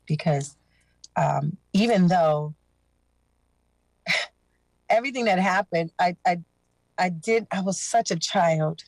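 A woman's voice: sits low, darkish tone, no echo, low-quality recording. A woman guest on a podcast telling her personal story earnestly, with emotion and references to her faith. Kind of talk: personal testimony.

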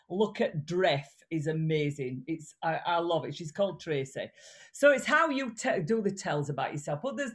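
A woman with a regional British accent, a communication coach speaking as a guest in a casual interview over a video call, blunt and chatty. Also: lowish voice. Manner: animated, blunt, chatty with restarts.

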